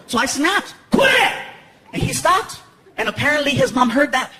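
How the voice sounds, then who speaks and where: A stand-up comedian telling an animated story and laughing along as he acts out scenes on stage. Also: very high voice, fairly quick, a little hiss or hum. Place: large live comedy venue. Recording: echoey hall with loud crowd laughter.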